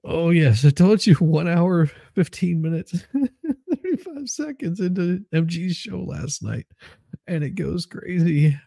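Giggly gravelly man, slow and husky. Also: high-pitched, big pitch swings, warm tone, no room sound, clean studio sound. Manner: laughs constantly, giggly and amused; reads viewer comments aloud. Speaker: livestream co-host reading chat. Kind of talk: casual live-stream chat.

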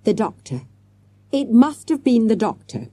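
A woman reading an audiobook, voicing an eager, clever schoolboy sleuth in a quick, excited boyish way. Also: a little high, breathy edge, dry recording, pitched above the performer's own voice, full character voice. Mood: reasoning.

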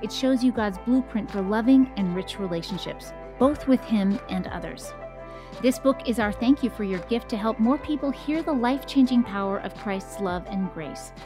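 A woman reading a scripted promotional announcement in a smooth, even delivery. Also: mid-range voice, normal speed, over music.

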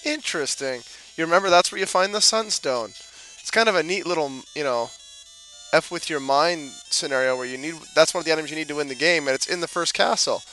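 A man's voice: fairly high pitch, fairly quick, sharp tone, faint music behind, poor audio. A man doing casual gameplay commentary, cracking jokes, swearing and talking back to the game characters. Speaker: let's play commentator.

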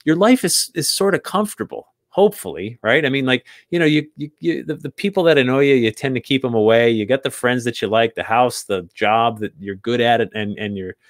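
A man's voice: medium pitch, brisk, hardly any pauses, dry recording, clean studio sound. A man in his forties from New England, an author guest telling his story in a casual, earnest, reflective way, often repeating words as he restarts. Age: 40s.

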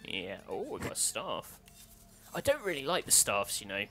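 Lively bright-voiced man. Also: fairly low pitch, moderate pace, faint music behind. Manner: joking, swears casually. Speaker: let's play co-host. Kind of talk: casual gameplay chat.

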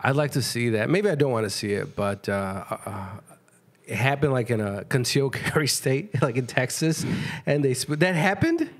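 A man hosting a podcast in casual chat, teasing his guest with quick joking remarks. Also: mid-range voice, lively intonation. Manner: teasing, joking interjections, reads news aloud. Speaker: podcast host.

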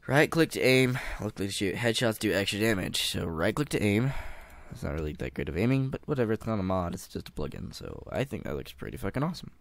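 A man's voice: lowish voice, sing-song, quick pace, vocal fry, no room sound. A man giving gameplay commentary, panicking, pleading and swearing, laughing at himself. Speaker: gamer.

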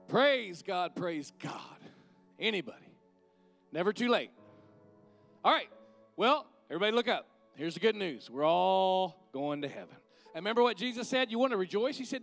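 High-voiced fervent preacher. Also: male voice, a bit bright. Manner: fervent, conversational preaching with call-and-response. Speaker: guest minister. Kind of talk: sermon with altar call.

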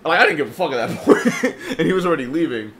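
A man's voice: a little high, animated, fast, background noise. A man co-hosting a podcast, telling a story in casual, profane chat and acting out the quoted voices. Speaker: podcast co-host.

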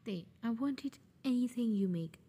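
A woman's voice: on the high side, lively intonation, moderate pace, mellow, a little hiss or hum, lightly acted. A woman voicing a sassy, defiant young man held captive in a fan audio drama.

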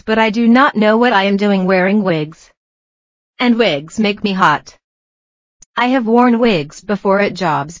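A computer-generated woman's voice reading out a personal vlog in an even, mechanical way. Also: medium pitch, no room sound, low-quality recording. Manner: evenly read, mechanical delivery. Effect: computer-generated text-to-speech voice. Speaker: vlogger. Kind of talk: text-to-speech narration of a personal vlog.

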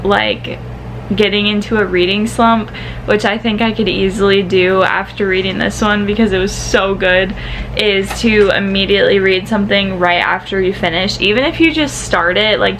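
Crying as she speaks, a young woman vlogger from the American Midwest gushes casually about a beloved book, sighing often and trailing off before starting over. Her medium-pitched voice is a bit bright, in poor audio with slight background noise.

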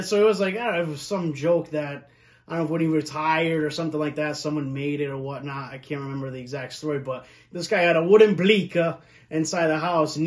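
A man hosting his own show, telling family stories to the camera in a casual, earnest way that turns lively for the funny parts. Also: on the high side. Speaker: show host.

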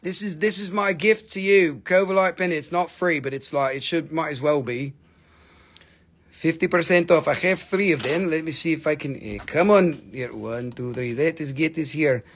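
A man running a live sales stream, joking, swearing and excitable, while he is losing his voice. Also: fairly high pitch, normal speed.

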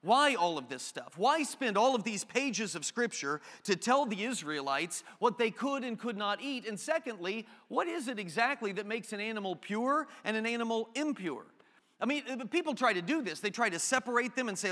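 A man preaching a sermon, animated and jokey, moving between reading scripture aloud and quick offhand asides. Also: high-pitched. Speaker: pastor. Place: church sanctuary. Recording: long hall reverb.

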